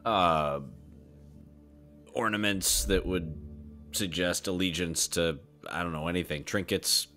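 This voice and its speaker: Male player, deep voice, slow, jokey tabletop chat. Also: fairly even intonation, pushed and bright, soft background music. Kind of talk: casual tabletop play.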